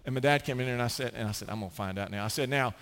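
Animated man preaching a sermon. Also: medium pitch, racing. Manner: storytelling preacher, animated, acts out quotes. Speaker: pastor.

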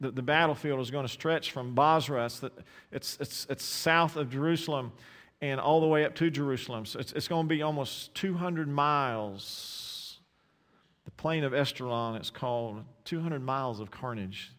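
A man with an Eastern North Carolina accent preaching a sermon, impassioned, with repeated restarts and dramatic pauses. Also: a little high. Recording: long hall reverb.

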